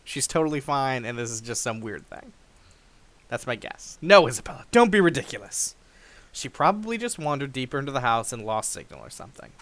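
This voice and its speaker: With a mid-range voice and a brisk delivery, a young man hosts a game playthrough. He's lively, chuckles often, and reads the narration dramatically, as a let's play host would.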